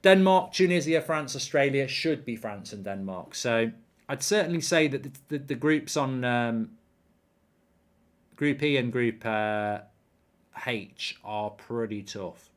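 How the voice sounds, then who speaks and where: A man's voice: medium pitch, slow. A man hosting a live football watchalong, chatting casually, reading out viewer comments and rambling with repeated words.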